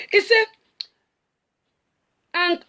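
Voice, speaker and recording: A middle-aged Nigerian woman preaches with a high voice. Her pitch rises and falls a great deal. She slips between Pidgin and English and acts out the voices in the scripture as she goes. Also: sharp tone, a little hiss or hum. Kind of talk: sermon.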